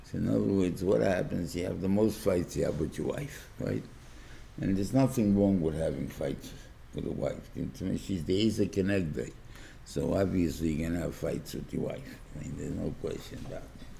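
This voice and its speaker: An older man, a rabbi giving a Torah class lecture, talking haltingly with many repeated words and acting out little dialogues. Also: sits low, vocal fry, dark tone, slight background noise. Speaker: rabbi teaching a weekly class.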